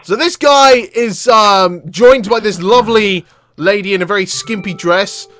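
Young male gamer, excitable and loud, with a bright, high voice for let's-play commentary. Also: measured pace. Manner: excitable, often shouting and laughing. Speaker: gaming video creator.

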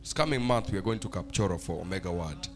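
A man preaching a fervent church sermon, swinging between shouted, sing-song lines and hushed, quiet ones. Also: sits low, lively intonation, fast, soft background music. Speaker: pastor. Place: church service.

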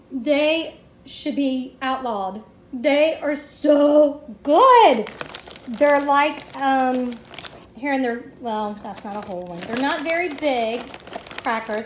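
A middle-aged woman tells a story to the camera in a chatty, excitable vlog, swearing casually and calling her viewers y'all. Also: high voice, a little hiss or hum. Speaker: vlogger.

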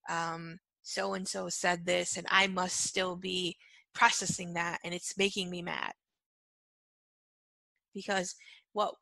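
A woman's voice: mid-range voice, sharp tone, no room sound. A woman casually teaching about energy and emotions, chatty with many "right?" fillers, acting out little quotes in her own voice. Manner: repetitive chanted clearing at the end. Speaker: spiritual teacher.

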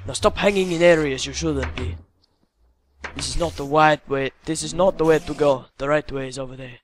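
A man's voice: on the high side, normal speed, a little hiss or hum. An English man hosting a let's play, chatting casually and teasing his co-player. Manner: joking, teasing banter. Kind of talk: casual gameplay chat.

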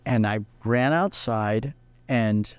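A male guest guitarist telling anecdotes in a lively way, briefly acting out what other people said. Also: on the low side, takes it slowly, clear, resonant tone, no echo. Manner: acts out other people's lines while telling stories. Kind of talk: animated anecdotal storytelling.

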